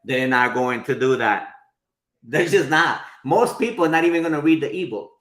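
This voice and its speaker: A man's voice: mid-range voice, moderate pace, fairly bright tone, reverberant. A man in his forties teaching a live workshop, chatty, often checking in with his listeners. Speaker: marketing instructor.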